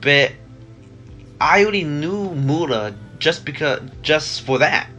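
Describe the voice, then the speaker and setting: A man's voice: fairly high pitch, lively intonation, slow, pushed and bright, soft background music. Stuffy-nosed young man rambling. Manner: rambling, many fillers and restarts. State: congested from a cold. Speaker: vlogger. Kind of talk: casual rambling vlog.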